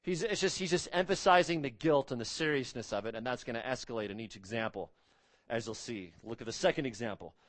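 Male pastor, sermon delivery, emphatic with big rises and quiet drops; mid pitch, dry recording. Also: fast, no echo. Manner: emphatic, rising to stress key words and dropping low on solemn points.

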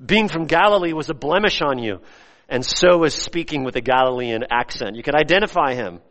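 Male pastor, mid-high voice, lively preaching with acted quotes, long hall reverb. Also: fairly quick. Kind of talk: sermon.

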